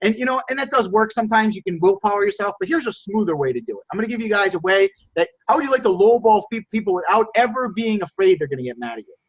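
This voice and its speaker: Man, sales coach, high voice, energetic, coaxing, dull lo-fi call audio. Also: fast talker, few pauses, breathy edge. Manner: energetic, coaxing, repeats words.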